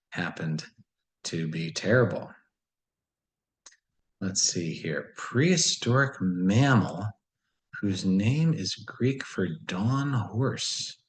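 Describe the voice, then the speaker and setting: Man, deep voice, unhurried, muses out loud over a puzzle, casual. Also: a little hiss or hum, rough recording. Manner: musing, self-questioning, casual. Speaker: puzzle solver. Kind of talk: thinking aloud while solving a puzzle.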